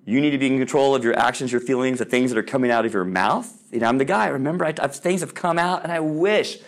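A middle-aged man giving a faith-based talk on sports parenting, telling stories in an animated way and often checking in with "all right?". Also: mid-range voice, quick pace.

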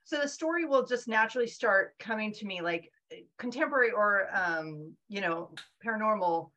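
Bright-voiced animated woman author. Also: medium pitch, rough recording. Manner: animated, acts out her own inner voice in quotes; rambling, frequent fillers and restarts. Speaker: guest author. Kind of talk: casual podcast interview.

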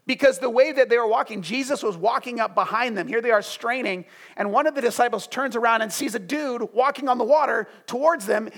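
High-voiced preaching man. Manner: passionate preaching, swinging from hushed to loud. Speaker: pastor. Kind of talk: sermon.

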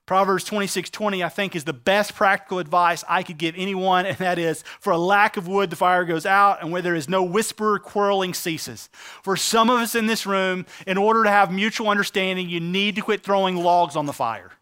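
A man preaching a sermon as a pastor, earnest and emphatic, slowing down to stress key phrases. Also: sits high, steady tone, sharp tone, clean tone.

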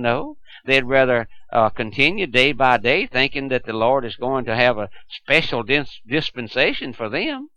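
Male radio preacher, earnest and halting; dry, dull broadcast recording. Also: mid-range voice, pushed and bright, no echo. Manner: earnest, addresses listener as "my friend"; hesitant, frequent "uh" and restarts. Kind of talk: radio sermon.

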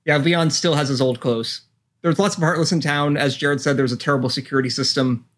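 Male podcast co-host, higher-pitched, sardonic, swears freely in casual game chat. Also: steady tone, brisk, a bit bright.

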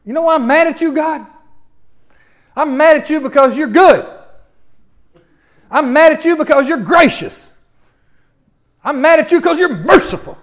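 Give me a man doing an indignant, shouting prophet, high-pitched and furious. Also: expressive, racing, few pauses. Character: furious indignant male prophet ranting at God.

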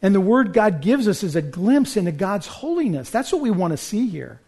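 A man's voice: high voice, very animated, normal speed, few pauses, darkish tone, slightly rough. A man, a pastor, preaching an earnest sermon in a church, building to urgent appeals.

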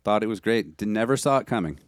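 Low voice podcast dude, short remarks, dry sound. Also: male voice, expressive, fast, no echo. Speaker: podcast co-host. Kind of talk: casual chat.

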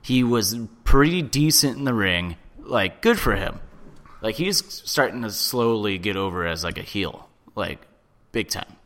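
Man, casual podcast co-host, opinionated, animated pitch, loose filler-heavy talk. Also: measured pace. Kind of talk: casual chat.

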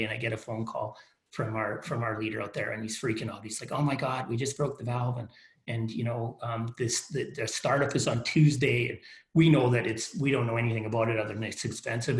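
Gravelly man telling stories, roomy echo. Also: on the low side. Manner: frank, repeats and restarts words. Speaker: company leader, podcast guest. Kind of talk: casual storytelling interview.

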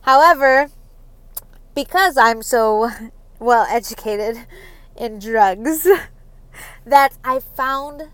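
A woman's voice: high-pitched, fairly bright tone, dry recording. A young woman hosting a solo podcast, rambling through personal stories with many ums and nervous little laughs. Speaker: podcast host. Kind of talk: casual solo podcast confession.

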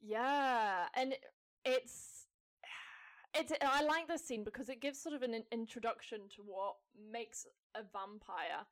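Upbeat laughing woman, fairly high voice. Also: a little slow. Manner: enthusiastic, laughs often. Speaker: podcast guest. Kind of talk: casual fan podcast chat.

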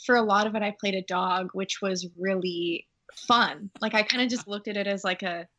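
A woman's voice: medium pitch, fairly even intonation, normal speed, pushed and bright. A young woman, an actor, chatting breezily in an interview with plenty of "like" and "um". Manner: breezy, lots of "like" and "um". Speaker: actor guest. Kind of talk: casual interview chat.

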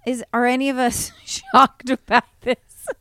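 A woman co-hosting a podcast in casual gossip chat, animated and swearing freely. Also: a little high, a little slow, dry recording, clean studio sound. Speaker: podcast co-host.

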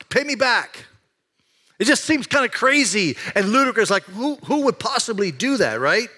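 A man pastor giving a conversational sermon in a church, swinging between excited rises and quiet, hushed stretches. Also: sits high. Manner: animated, conversational preaching with sudden rises and hushed drops. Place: church sanctuary.

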